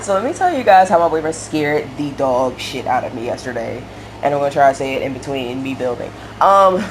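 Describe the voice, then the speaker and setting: A woman's voice: low voice, a little hiss or hum. A young woman chatting casually while building in a game, telling a rambling story full of fillers and laughs. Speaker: game streamer building a house. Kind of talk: casual chat while playing.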